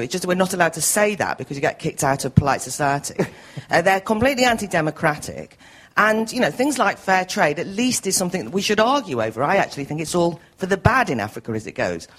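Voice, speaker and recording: Forthright woman challenging a panel. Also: lowish voice. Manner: forthright, argumentative, laughs often. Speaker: audience member asking a question. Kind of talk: question from the floor.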